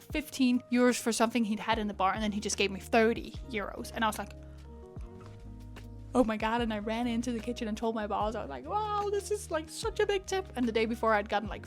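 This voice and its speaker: Chatty young woman, fairly high voice. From Denmark. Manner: chatty and animated, full of filler "like". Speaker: vlogger. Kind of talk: casual vlog chat.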